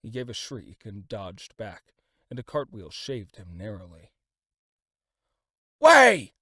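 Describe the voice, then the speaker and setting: A man reading a classic novel aloud as an audiobook, in a dramatic, expressive style of scripted narration. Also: on the low side, measured pace, slightly rough, dry recording, studio quality.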